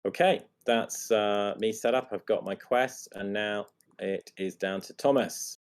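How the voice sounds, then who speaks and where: A deep-voiced man with a gravelly, creaky edge to his voice runs a tabletop board game for the table. He thinks aloud about his choices and explains the rules in steady turns, breaking off now and then to move pieces. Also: unhurried.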